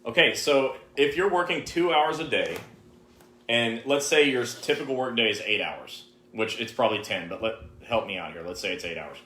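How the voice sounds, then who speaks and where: A man's voice: mid-range voice, moderate pace, bright, forceful tone, a little hiss or hum. A man co-hosting a live-stream Q&A, giving direct, emphatic advice to viewers. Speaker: co-host answering viewer questions. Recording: roomy, echoey live stream.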